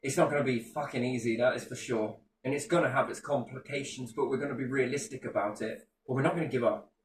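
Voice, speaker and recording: Heard through an echoey room and a distant mic, with faint ambience and a little hiss or hum, a British man speaks at medium pitch with fairly even intonation and a quick pace. He's chatting casually, firing off passionate, expletive-laden rants in a British English accent.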